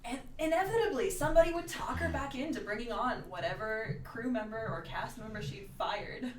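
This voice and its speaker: A woman's voice: a little high, animated, fairly quick, slight background noise, low-quality recording. A young woman co-hosting a casual talk show, telling her stories in a wry, dry way. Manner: wry, dry descriptive storyteller. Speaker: podcast co-host. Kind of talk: casual storytelling.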